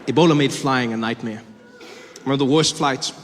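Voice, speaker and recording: A man with a South African accent telling a wry, animated stand-up story. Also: medium pitch, moderate pace. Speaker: stand-up comedian. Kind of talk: stand-up comedy. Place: live comedy stage. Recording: reverberant hall, faint noise.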